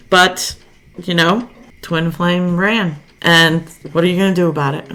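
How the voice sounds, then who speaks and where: A woman's voice: low-pitched, fairly bright tone, a little hiss or hum. A woman giving a casual spoken tarot reading, chatty and thinking aloud, often laughing as she talks. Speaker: tarot card reader.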